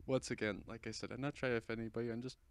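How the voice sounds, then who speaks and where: A man's voice: mid-range voice, clear, resonant tone, no echo. A young man giving rambling, goofy and self-deprecating commentary over a screen recording of his channel. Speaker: channel host.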